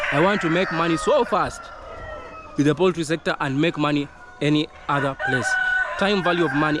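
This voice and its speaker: A man's voice: fairly high pitch, noisy background. A man from Kenya, a poultry farming consultant, giving earnest, repetitive advice in a vlog to camera, with chickens clucking behind.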